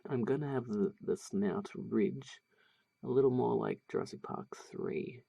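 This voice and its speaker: Male tutorial host, husky and mellow, talks casually and hesitantly while he draws. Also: medium pitch, unhurried. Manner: thinking aloud, hesitant with many fillers. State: has the hiccups. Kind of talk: casual drawing tutorial voice-over.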